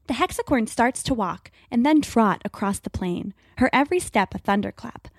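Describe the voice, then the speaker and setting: A woman's voice: on the high side, lively intonation, normal speed, few pauses, dry recording, clean studio sound. A woman storyteller giving a vivid, dramatic scripted narration of an adventure story.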